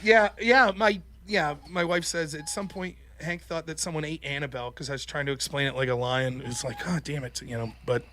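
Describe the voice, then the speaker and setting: Bright, high-voiced, profane male host. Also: a little fast, few pauses, a little hiss or hum. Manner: profane, animated storyteller; acts out quoted voices. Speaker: call-in show host. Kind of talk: casual call-in chat.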